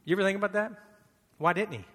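A male pastor delivers a sermon with a bright, forceful, slightly higher voice. He speaks conversationally, leaning on rhetorical questions and repetition. The sound carries a long hall reverb. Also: fast talker.

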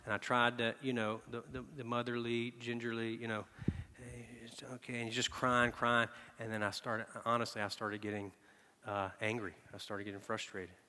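A man preaching a sermon, telling personal stories and dropping from hushed, soft asides to loud, emphatic bursts. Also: mid-range voice, level tone, normal speed. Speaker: pastor. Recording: long reverb of a large hall.

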